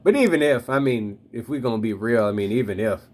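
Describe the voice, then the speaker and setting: A man's voice: medium pitch, lively intonation, fast talker, darkish tone, slight background noise. Guy in his 30s rambling about faith, slangy and loose, lots of ums, talks right at you. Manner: addresses listeners directly. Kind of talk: casual spoken reflection on faith.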